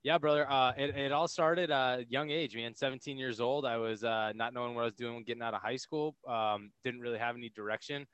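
A man in his thirties from the United States, a podcast guest telling his story in an energetic, casual way and acting out other people's lines. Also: mid-range voice, a little fast, hardly any pauses, smooth, no echo, lo-fi sound. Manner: energetic, laughing, acts out quotes. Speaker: podcast guest, military veteran.

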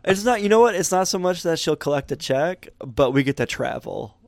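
A tired man with a hoarse voice, co-hosting a podcast and telling stories in easygoing chat. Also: on the high side, animated, a little fast, dry recording. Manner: easygoing, storytelling. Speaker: podcast co-host. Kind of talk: casual chat.

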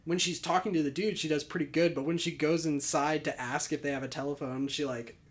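Brief: casual podcast co-host, rambling and enthusiastic, mid-pitched voice. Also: fairly even intonation, brisk. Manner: rambling, filler-heavy, enthusiastic. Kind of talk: casual movie review chat.

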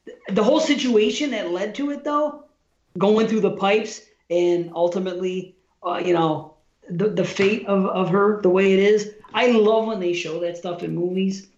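A man co-hosting a casual film review podcast, talking excitedly with halting restarts and lots of "dude". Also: sits high. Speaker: podcast co-host. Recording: echoey room, dull lo-fi sound.

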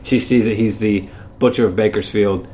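A man hosting a casual film-review podcast, excitable and profane, tossing in voice impressions. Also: lowish voice, moderate pace, a little hiss or hum. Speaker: podcast host.

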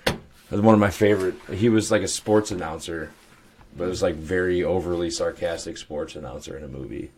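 A young adult man co-hosting a podcast, telling loose stories with laughs and swearing. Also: low voice. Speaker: podcast co-host. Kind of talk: casual chat.

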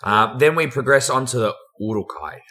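A man in casual podcast chat, with animated, laughing banter. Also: medium pitch, normal speed.

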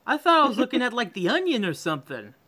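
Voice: mid-range voice, sing-song, fast talker, sharp tone. A podcast co-host in casual comedic chat who swears a lot, laughs often, sounds incredulous and reads a news article aloud.

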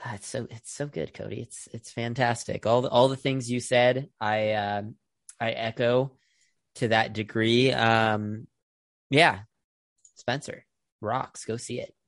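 A man's voice: medium pitch, fairly even intonation, a little slow, no echo, clean studio sound. A man hosting a film podcast, chatting casually with plenty of fillers. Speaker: podcast host. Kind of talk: casual film review chat.

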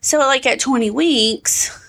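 Young pregnant woman chatting, high voice, acts out little stories as she goes. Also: slow pace, gravelly. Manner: animated storyteller, acts out quotes. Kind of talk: casual chat.

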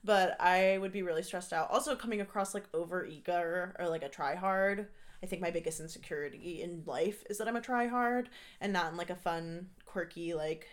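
A woman's voice: fairly low pitch, normal speed. A woman in her twenties, a guest in a casual chat, rambling with lots of restarts and self-mocking asides.

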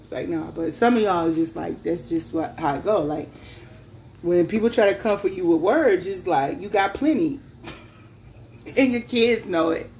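A woman's voice: on the low side, unhurried, darkish tone, a little hiss or hum. A woman who is a mother, reading tarot in a loose, chatty way, laughing often and tossing in slangy asides. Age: adult parent. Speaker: tarot reader.

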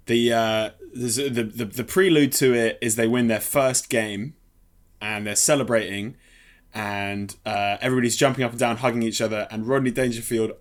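Male podcast co-host, chatty and meandering, average pitch. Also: fairly even intonation. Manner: rambling, halting restarts, laughs a lot. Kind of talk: casual film-review chat.

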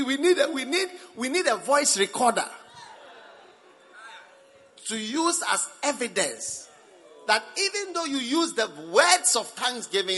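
Male preacher, sermon, bright voice, slow emphatic delivery that jumps from loud to soft, long church reverb. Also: very high voice, sing-song, a faint crowd. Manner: emphatic, with sudden swings between loud and soft. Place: church service.

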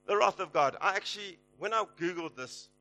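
A man preaching a sermon, exhorting his listeners and rising loud and high on the promises. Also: animated, fairly quick, faint music behind, rough recording.

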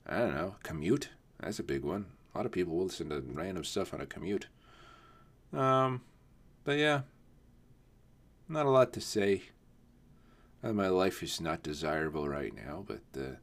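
Man, low voice, lively swooping pitch, rambling casual podcast talk, cusses a lot. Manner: rambling, swears often, laughs at himself. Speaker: podcast host. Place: home, not on camera.

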